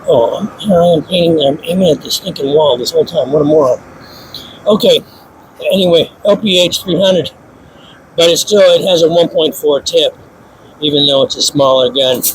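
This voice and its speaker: Snarky, excitable man demonstrating spray guns. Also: on the high side, normal speed, a little hiss or hum, low-quality recording. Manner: snarky, self-mocking, excitable. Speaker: paint instructor. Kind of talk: casual hands-on demonstration.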